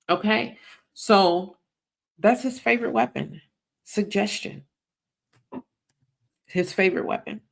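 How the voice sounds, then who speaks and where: A woman's voice: mid-range voice, takes it slowly, creaky, pauses often. A woman hosting a faith-based money podcast, teaching in an emphatic preaching style and often checking in with "right?". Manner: emphatic, repeats "right?" to the audience. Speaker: podcast host and Christian finance teacher.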